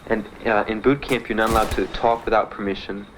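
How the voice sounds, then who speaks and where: Speaking briskly and with fairly even intonation, this young veteran from Miami, United States, shares his own story as candid spoken testimony, bluntly and matter-of-factly, with dry laughs. His voice is on the low side, and there is background noise.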